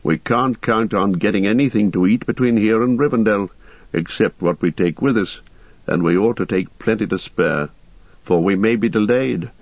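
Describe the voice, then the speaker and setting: Man reading as a grim, measured ranger. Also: no room sound. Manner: low, calm and measured. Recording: dull lo-fi dry recording.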